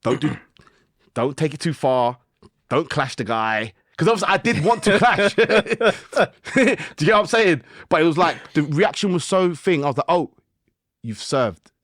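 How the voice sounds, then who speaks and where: A man, a guest musician on a podcast, telling stories in lively slang and acting out his own inner voice. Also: fairly high pitch, normal speed, dry recording, clean studio sound. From United Kingdom. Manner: animated storytelling with slang and acted-out self-talk. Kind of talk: casual podcast conversation.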